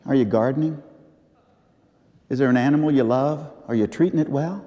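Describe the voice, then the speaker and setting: A middle-aged man preaching a memorial sermon, telling stories and repeating phrases with slow, emphatic pauses. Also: medium pitch, dull audio. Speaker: pastor. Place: large church. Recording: long church reverb.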